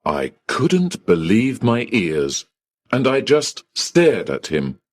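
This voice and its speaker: A male narrator reads a folktale slowly and deliberately, with a lowish voice that rises and falls widely. The sound is close and dry. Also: wildly swooping pitch, no room sound. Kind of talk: scripted story narration.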